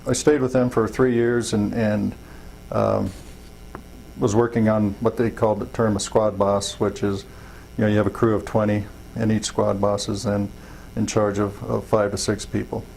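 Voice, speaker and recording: A man's voice: lowish voice, flat delivery, moderate pace, gravelly, darkish tone, slight background noise, rough recording. A middle-aged man telling folksy, rambling stories in an interview, full of fillers and acted-out quotes. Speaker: interviewee, wildland fire chief. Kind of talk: casual storytelling interview.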